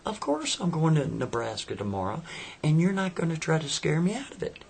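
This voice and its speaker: A man voicing a skeptical, devout young woman in a spoken story, her tone incredulous and rising to shrill. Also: sing-song, fairly quick, creaky, darkish tone, slight background noise.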